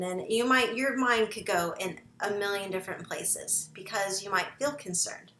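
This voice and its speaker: Woman, parent educator, encouraging instructional talk, bright tone, echoey room. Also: mid-range voice, moderate pace, few pauses. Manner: encouraging, checks in often with "okay?".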